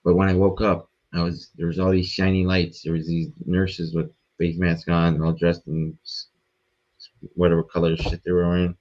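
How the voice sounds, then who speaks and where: Man, very low voice, podcast guest, profane rambling storyteller, dull lo-fi audio. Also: monotone, moderate pace, a little mellow. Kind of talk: casual storytelling.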